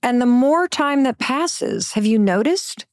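Woman, middle-aged, motivational talk, lively swooping delivery, dips to whispers, dry recording. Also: high-pitched, a little slow, smooth, dry recording. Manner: emphatic and conversational, dropping to whispers for effect. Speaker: motivational speaker.

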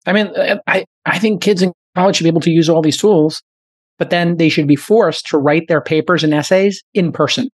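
A man hosting a podcast, riffing quickly in casual chat at a studio mic. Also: on the high side, husky, no room sound. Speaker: podcast host.

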